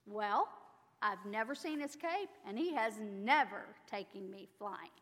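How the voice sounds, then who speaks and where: A woman's voice: medium pitch, lively intonation, unhurried, fairly bright tone, in a large hall. A woman playing an eager, innocent little girl in a sing-song voice, telling a story within a sermon.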